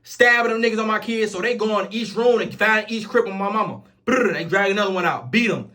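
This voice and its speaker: A man with a Chicago accent tells a story in loose, casual street talk. He speaks very quickly in a slightly high voice. He keeps swearing oaths between his sentences. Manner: rapid, animated street slang with repeated oaths. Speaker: storyteller vlogger.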